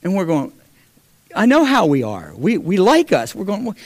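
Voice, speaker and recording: A middle-aged man telling a personal testimony to a church, animated, acting out the voices in his story and swinging from loud to hushed. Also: fairly high pitch, a little slow, dry recording. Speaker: church speaker sharing a testimony.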